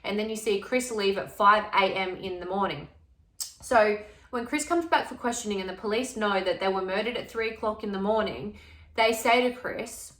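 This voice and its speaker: Casual woman narrator for true crime, mid pitch, roomy echo. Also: brisk, fairly bright tone. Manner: chatty, retells exchanges in plain conversational speech. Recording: echoey room.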